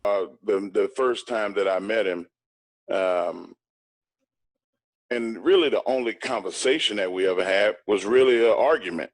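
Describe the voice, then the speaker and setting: A man's voice: lowish voice, moderate pace, no echo. Blunt, boastful man telling a story. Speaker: guest. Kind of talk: storytelling in an interview.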